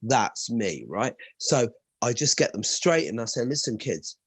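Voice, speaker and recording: An Irish man who teaches martial arts, telling stories in an animated way and swearing freely in a casual chat. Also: medium pitch, unhurried, husky, no echo. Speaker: martial arts instructor and co-host.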